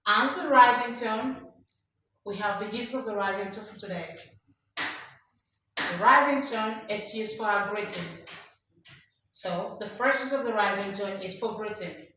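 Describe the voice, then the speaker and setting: A woman's voice: mid-range voice, measured pace, pauses often. A woman teaching an English lesson, emphatic, drilling examples aloud and quizzing her listeners. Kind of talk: classroom lesson. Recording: strong echo, faint background noise.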